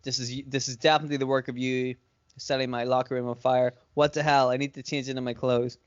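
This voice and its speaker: An exasperated, swaggering male wrestler, as a podcaster quotes him in his own clear voice, griping with offhand profanity. The sound is dry and slightly dull. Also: medium pitch, level tone, fast, no echo, lightly acted. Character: annoyed, cocky male wrestler.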